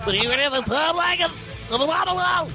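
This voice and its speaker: A man's voice: extremely high pitch, expressive, a little fast, creaky, voice pushed up, exaggerated voice. A man doing an impression of another comedian doing him, played back as a comedy bit with music under it. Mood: mocking.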